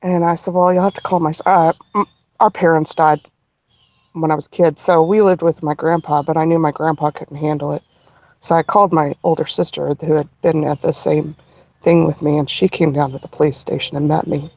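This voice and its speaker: A middle-aged woman telling a personal story as a podcast guest, earnest and halting, with frequent restarts. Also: deep voice, flat delivery, a little mellow, no room sound.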